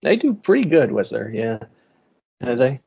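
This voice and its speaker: A man's voice: medium pitch, big pitch swings, normal speed, vocal fry, a little mellow, husky, lo-fi sound. A man co-hosting a podcast in easygoing casual chat, laughing between thoughts. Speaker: podcast co-host.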